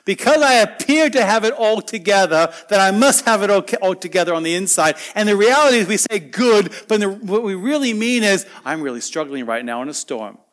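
A man with a high voice preaching a sermon. He talks earnestly and conversationally, moving from loud, emphatic lines down to soft, quiet asides. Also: lively intonation, fairly quick, hardly any pauses.

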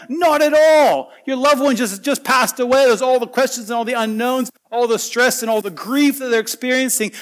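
A man preaching a sermon, earnest and conversational, swinging between loud emphatic lines and quiet soft asides. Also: very high-pitched.

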